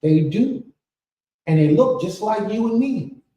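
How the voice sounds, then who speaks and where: A man giving a sermon as spiritual leader of a congregation, preacherly and rising to shouts. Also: sits high, expressive, measured pace, highs cut off. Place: temple hall. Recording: echoey room from far off.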